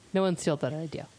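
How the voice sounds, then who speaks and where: A woman co-hosting a casual comedy podcast, cracking playful deadpan jokes and laughing often. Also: low voice, slight background noise. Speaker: podcast co-host.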